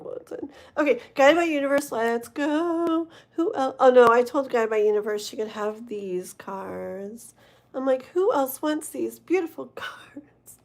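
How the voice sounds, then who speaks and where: A young woman on a late-night tarot livestream, sounding tired as she rambles and giggles with her viewers. Her voice sits a little higher than most women's, and she drifts loosely from one thought to the next. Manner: rambling, giggly, talks to chat. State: tired, yawning. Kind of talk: casual livestream chat.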